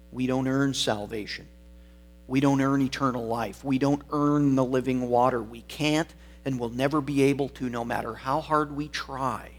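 Male preacher, mid-range voice, emphatic and repetitive delivery, slight electrical hum. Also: medium pitch. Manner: emphatic, repeats key words for stress. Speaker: pastor. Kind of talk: sermon.

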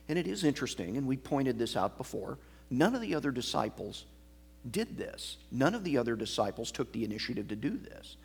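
A pastor delivers an expository sermon, working through a passage line by line in a measured, teaching manner. His mid-range voice is sing-song and gravelly with a breathy edge.

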